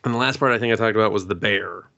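A man's voice: fairly low pitch, very fast, vocal fry, very noisy. A man co-hosting a podcast, casually recapping a show in a loose, rambling way, full of fillers, swearing and laughing. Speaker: podcast co-host. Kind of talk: casual chat recapping anime. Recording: dull lo-fi podcast audio.

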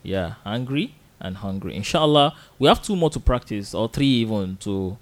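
A man hosting a live radio Arabic lesson, patiently repeating words slowly for listeners to drill and chuckling often. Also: on the low side, expressive. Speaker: radio Arabic teacher and host.

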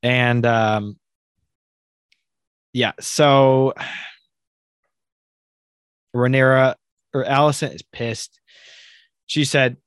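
Excitable man recapping a show. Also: mid-range voice, very slow, long pauses, smooth, dry recording. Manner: excitable, rambling retelling with laughs. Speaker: podcast co-host. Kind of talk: casual show recap chat.

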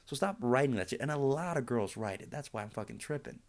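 A man of middling pitch hosting a casual podcast. He rants in a sarcastic, exasperated way and swears freely as he goes. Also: expressive, quick pace. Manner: sarcastic, profane, exasperated ranting. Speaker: podcast host.

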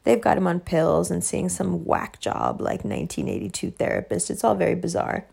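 A woman's voice: fairly low pitch, sing-song, normal speed, vocal fry, a little mellow, slightly rough. A woman telling a personal story in a casual monologue, emphatic and heavy on profanity, laughing often.

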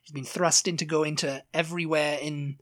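A man co-hosting a podcast in casual chat, telling a story in an animated way and acting out the quotes. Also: on the high side, normal speed. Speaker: podcast co-host.

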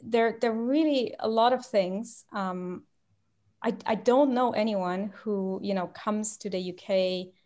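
A woman from Romania, a guest in a conversational interview, telling anecdotes with lively restarts and fillers. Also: mid-range voice, takes it slowly. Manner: animated storytelling, frequent restarts and fillers.

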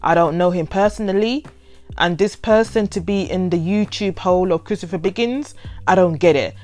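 A woman, casually reading out and reacting to overheard quotes, animated and given to laughing and playful drama. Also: on the low side, moderate pace, faint music behind. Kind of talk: casual chatty commentary.

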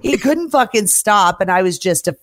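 A woman's voice: medium pitch, animated, moderate pace, dry recording. A woman hosting a podcast in raunchy casual chat, crude and laughing, swearing often. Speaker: podcast host.

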